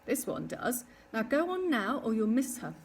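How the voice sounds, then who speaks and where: A woman voicing a gentle but firm mother barn owl, calm and motherly, in a storybook reading. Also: fairly high pitch, moderate pace, a little hiss or hum. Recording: distant mic with faint ambience.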